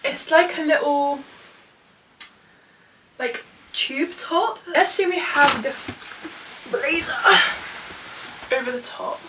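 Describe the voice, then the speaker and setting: A woman's voice: high voice, slow, long pauses, background noise. A woman in her twenties chatting candidly through a makeup tutorial, full of fillers like "like" and "you know". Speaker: vlogger. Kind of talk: casual makeup tutorial talk.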